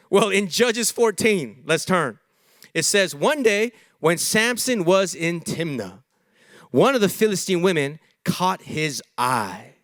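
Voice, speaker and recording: A man's voice: high voice, unhurried, dry recording, clean studio sound. A young adult man preaching a sermon in church, joking and acting out quoted dialogue. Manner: animated, jokey, acts out quoted dialogue. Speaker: pastor.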